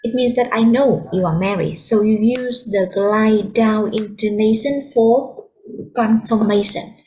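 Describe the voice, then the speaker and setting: A woman's voice: mid-range voice, a little slow, mellow, slight background noise. A woman English teacher with a Vietnamese accent, explaining patiently over a video call. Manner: explains patiently, switching between languages. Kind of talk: online class instruction.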